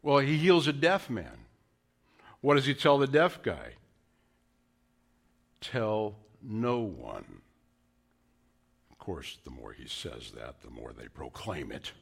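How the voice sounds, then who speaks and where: A man preaching a sermon, acting out scripture quotes in hushed whispers and raised calls. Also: deep voice, animated, normal speed, gravelly, slightly rough. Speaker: pastor.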